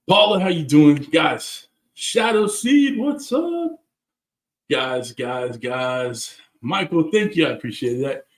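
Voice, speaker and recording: Outdoors in a backyard, a cooking channel host with a Southern California accent runs a casual live stream in a fairly high voice. He chats loosely and greets viewers by name, and the sound is roomy.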